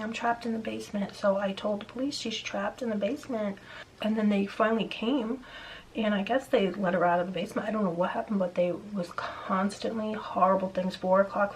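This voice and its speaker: A woman's voice: medium pitch, slight background noise, low-quality recording. A woman vlogger telling a neighbor story in casual, rambling chat, venting with frequent restarts.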